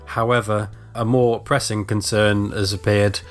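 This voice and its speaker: A man chatting on a podcast in a relaxed, dry way, with a lowish voice. He laughs easily between points. Faint music plays behind him. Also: measured pace. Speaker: podcast co-host. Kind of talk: casual chat.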